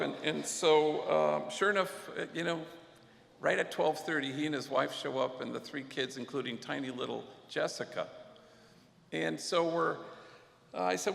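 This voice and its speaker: A man's voice: on the high side, moderate pace, creaky, a bit bright. A man, a priest speaking at a luncheon, telling an earnest story and sprinkling in Spanish phrases. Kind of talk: storytelling speech. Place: large banquet hall. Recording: echoey hall reverb.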